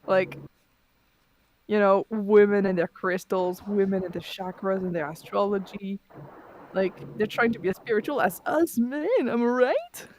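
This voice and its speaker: A woman's voice: medium pitch, moderate pace, a little mellow, slight background noise, poor audio. A woman co-hosting a podcast, chatting casually and reading a post aloud in a mocking tone, laughing often and swearing. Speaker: podcast co-host.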